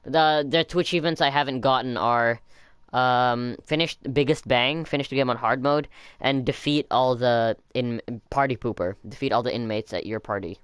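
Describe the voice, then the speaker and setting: A man's voice: medium pitch, normal speed, a bit bright, clear, resonant tone, dry recording, clean studio sound. A man streaming a video game who chats with viewers and makes sarcastic jokes between passages he reads aloud. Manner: joking, chats back to viewers; sarcastic asides. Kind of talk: casual let's-play commentary, reading game bios aloud.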